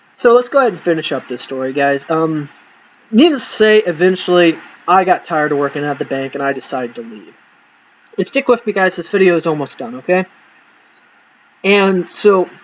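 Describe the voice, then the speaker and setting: A man casually telling profane, animated stories from his life to camera, acting out the people in them. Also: high voice, slight background noise, low-quality recording.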